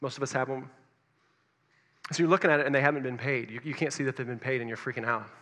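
A man preaching a sermon, telling a story that puts his listeners in it, swinging between loud urgency and hushed near-whispers. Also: medium pitch, fairly even intonation, fast talker, long reverb tail. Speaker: pastor.

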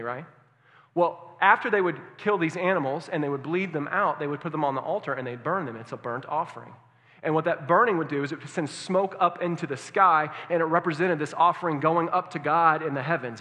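A male pastor preaching a sermon, asking the congregation questions and swinging from hushed tones to loud emphasis. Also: a little high. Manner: engaging, asks the congregation questions. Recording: long hall reverb.

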